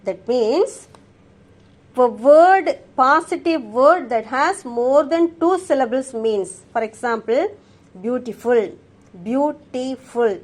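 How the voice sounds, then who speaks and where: A woman with an Indian English accent teaching a grammar lesson, slowly reciting word lists for the class. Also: sits high, lively intonation. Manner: slow, drilling recitation of word forms.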